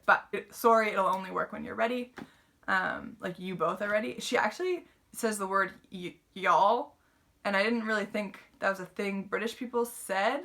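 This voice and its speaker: A woman talks through a book review in an easy, rambling way, full of "like" and fillers. Her voice is bright and forward, with a gravelly rasp of fry underneath. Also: mid-range voice. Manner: chatty, filler-heavy retelling with lots of "like".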